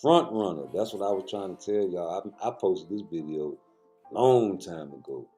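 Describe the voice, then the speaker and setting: Deep, dark-voiced man riffing on boxing. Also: animated, normal speed, faint music behind. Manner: loose, joking, talks straight to viewers. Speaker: boxing commentator. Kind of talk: casual profane commentary.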